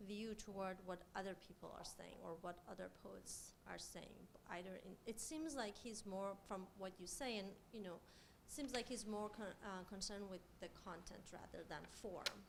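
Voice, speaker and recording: A woman in the audience asks a question at an academic talk. She speaks at a middling pitch and wonders aloud as she frames her point. Faint noise sits behind her voice. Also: gravelly. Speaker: audience member asking a question.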